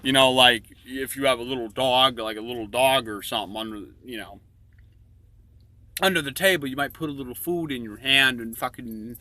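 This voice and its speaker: A man's voice: mid-range voice, normal speed, pushed and bright. A man presenting his own illustrated story in crude, rambling comic commentary, swearing constantly. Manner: rambling and profane, many fillers.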